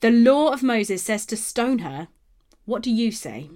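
A woman's voice: a little high, big pitch swings, a little slow, a little mellow. A woman voicing scornful middle-aged male religious leaders with indignant, mocking questions in a Bible reading.

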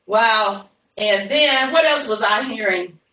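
A woman's voice: fairly high pitch, slow, bright, forceful tone. A woman hosting a live podcast, chatting casually with listeners, calling them y'all and laughing easily. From Ohio, USA. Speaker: podcast host. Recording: echoey room, voice from a distance.

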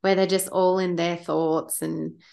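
A woman's voice: lowish voice, level tone, unhurried, gravelly. Affirming woman podcast host. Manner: warm, affirming, friendly. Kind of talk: casual interview chat.

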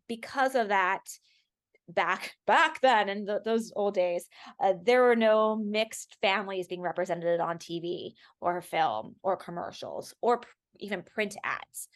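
A woman from Los Angeles, a guest on an interview podcast, speaking emphatically and acting out what others said to her. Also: medium pitch. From Los Angeles, USA. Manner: emphatic storytelling, acting out quoted remarks. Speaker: podcast guest, actor and activist. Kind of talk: conversational interview.

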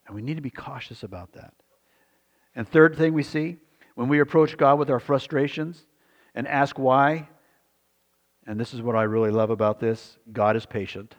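A man's voice: mid-range voice, moderate pace, long pauses, big-room sound, lo-fi sound. A male pastor preaching a sermon, earnest and repetitive, often putting questions to the congregation.

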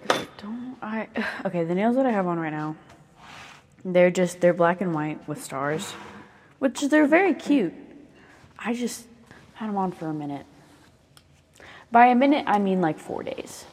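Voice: mid-range voice, lively intonation, a little slow, long reverb tail. A young speaker in their twenties with a Southern US accent, rambling casually and swearing often while moving around their bedroom. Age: 20s. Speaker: vlogger.

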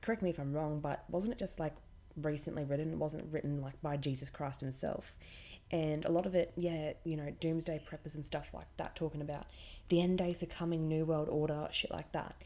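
Woman host, low and mellow, chatty and irreverent storyteller. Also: steady tone, fairly quick. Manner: chatty, blunt and irreverent, swears freely. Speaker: podcast host. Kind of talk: casual storytelling monologue.

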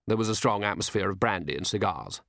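Expressive male audiobook narrator. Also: fairly low pitch, quick pace, gravelly, no echo, studio quality. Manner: expressive storytelling. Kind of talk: audiobook reading.

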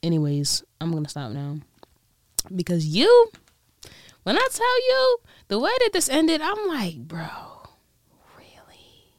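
A young woman vlogger chatting casually about TV shows in a put-on British accent, slangy and animated, with whispered asides. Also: high voice, a little slow, no room sound, studio quality. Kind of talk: casual chat recapping TV shows.

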